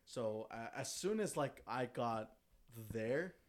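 A man's voice: mid-range voice, animated, slow pace. A young man in casual chat, telling a story with easy slang and frequent swearing. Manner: laid-back slangy storytelling, swears often. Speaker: friend in a group chat.

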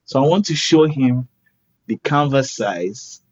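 Husky man telling a lively story. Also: mid-range voice, measured pace. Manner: animated, acts out quoted voices. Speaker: guest artist. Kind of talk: casual storytelling. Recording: dull lo-fi recording.

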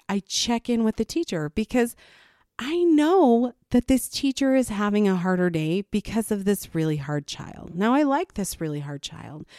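A woman's voice: fairly low pitch, a little mellow, dry recording, clean studio sound. A woman in her thirties talking to camera as a mother, venting her frustration with occasional rueful laughs. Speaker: mother of an adopted child. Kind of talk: personal vlog monologue.

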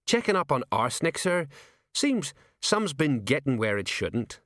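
A man voicing a cheerful, chatty middle-aged police sergeant with a bright, ingratiating politeness. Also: mid-range voice, big pitch swings, measured pace, dry recording, clean studio sound, voice pushed up.

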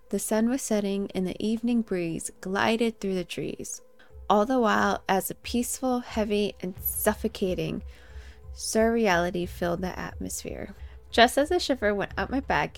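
A young woman co-hosting a casual chat, animated and laughing, swearing freely and reading a scary story aloud. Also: mid-range voice.

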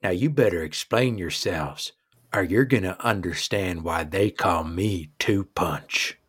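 A man's voice: deep voice, unhurried, fairly bright tone, breathy edge, pitched below the performer's own voice, full character voice. A man voicing an angry, tough female dwarf boss who drawls her threats. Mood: threatening.

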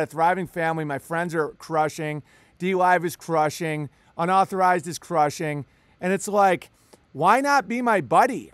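A man with a high voice co-hosts a loose podcast chat. He rambles, stammers, swears and laughs often. The mic is dry and close. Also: no echo. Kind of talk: casual podcast conversation.

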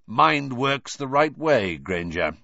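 A man's voice: medium pitch, big pitch swings, slow, creaky, bright, forceful tone, no room sound, highs cut off, voice pushed up, full character voice. A man voicing a grizzled, wary old male wizard with a growling voice and a curt, clipped manner. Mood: gruff.

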